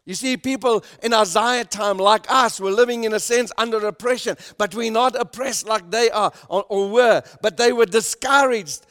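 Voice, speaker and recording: A man preaching a sermon as pastor, emphatic, swelling loud on key points and dropping to a soft, hushed tone. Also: sits high, moderate pace, hardly any pauses. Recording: long reverb in a hall.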